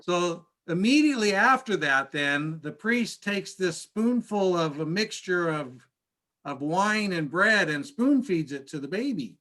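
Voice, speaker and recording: A man, a pastor, telling stories in a casual church class, chatty and halting with frequent restarts. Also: sits high, animated, sharp tone. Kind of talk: casual storytelling lesson.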